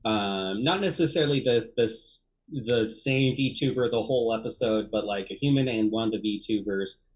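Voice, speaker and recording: A man's voice: on the low side, normal speed, few pauses. A man co-hosting a livestream, chatting casually about ideas for a new show with loose fillers and laughs. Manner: relaxed, musing, with fillers and laughs. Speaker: comedy theater co-host. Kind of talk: casual planning chat on a livestream.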